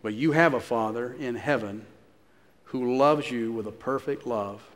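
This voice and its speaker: A pastor preaching a sermon, telling a story and repeating phrases for emphasis. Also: male voice, medium pitch, unhurried, long reverb tail.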